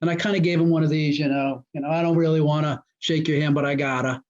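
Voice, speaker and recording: A man tells coaching stories with an animated delivery, slipping into the voices of the people he quotes. His voice sits a bit high for a man. The audio is muffled and lo-fi. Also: fast talker. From New Jersey. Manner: animated storyteller who acts out quoted dialogue. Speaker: guest, former high school football coach. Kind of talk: casual storytelling interview.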